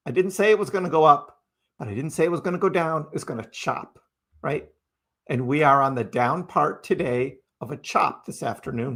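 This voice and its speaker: Hosting a casual crypto livestream, this man talks in a fairly bright, gravelly voice pitched on the high side, at a normal speed. He's chatty and repetitive, keeps tagging lines with "right?", and answers people in his chat.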